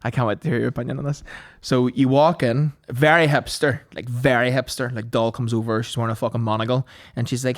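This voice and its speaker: A young adult man, a podcast co-host telling a sweary, animated story in casual banter. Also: mid-range voice, fast talker, hardly any pauses. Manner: sweary, animated storytelling with mocking quoted voices.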